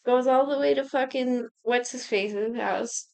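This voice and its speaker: Profane, high-voiced young woman recapping. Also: unhurried, creaky, clear, resonant tone. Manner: profane, animated retelling with quoted voices. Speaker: podcast co-host recapping a show. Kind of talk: casual chat.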